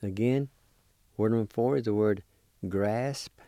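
A man gives a patient vocabulary lesson, spelling each word letter by letter and saying it slowly. His voice sits a bit low, with a warm, mellow tone. The recording is close and dry. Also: dry recording. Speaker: language teacher. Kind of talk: slow spelling and pronunciation lesson.

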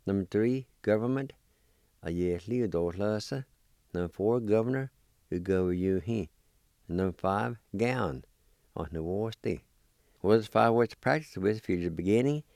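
Guy giving a language lesson, smooth mellow voice, dry close sound, spells stuff out slow. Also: deep voice, dry recording. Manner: slow, deliberate spelling and repeating of words. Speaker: language teacher.

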